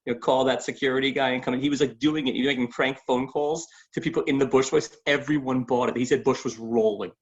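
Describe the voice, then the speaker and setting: A man talking as a podcast guest, laid-back and quick with a wisecrack. His voice sits at an ordinary middle pitch. The recording is slightly dull and muffled. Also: fairly even intonation. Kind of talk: casual podcast chat.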